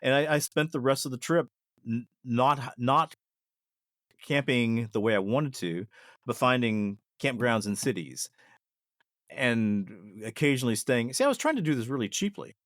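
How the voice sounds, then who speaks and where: A man's voice: mid-range voice, lively intonation, moderate pace, dry recording, studio quality. A man, a podcast guest, telling stories in a casual, reflective way with frequent restarts. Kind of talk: casual storytelling.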